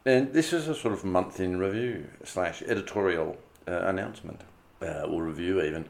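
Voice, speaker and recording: A man's voice: sits low, moderate pace, vocal fry. A man hosting his own audio show, chatting loosely through a month in review, laughing often and swearing casually. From Australia. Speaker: podcast host.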